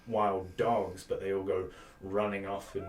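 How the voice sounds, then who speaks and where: A man's voice: low-pitched, little pitch movement, measured pace. A man narrating a tabletop game as game master in a loose, meandering way. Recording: roomy, far from mic, noisy.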